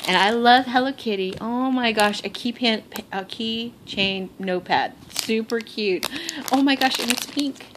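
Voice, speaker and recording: A woman in a casual crafting vlog, gushing and excited as she opens gifts, recorded on a phone in her bedroom. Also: on the high side, a little slow. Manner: gushing, excitable, gasps and laughs often. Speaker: crafting vlogger. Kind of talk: casual unboxing chat. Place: bedroom at home. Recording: noisy home phone recording.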